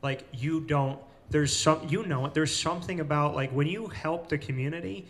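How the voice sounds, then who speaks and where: A man hosting a casual interview in a cafe, telling stories with lively retellings of what people said. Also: a little high, normal speed. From Central New York. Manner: animated storyteller, acts out quoted people. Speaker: host.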